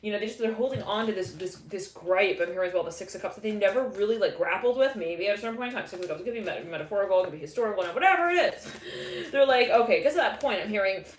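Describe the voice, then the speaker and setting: A woman's voice: medium pitch, animated, rapid-fire, reverberant. A woman giving a live tarot reading in a rambling, casual way, with many restarts and frequent laughter. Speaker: tarot reader.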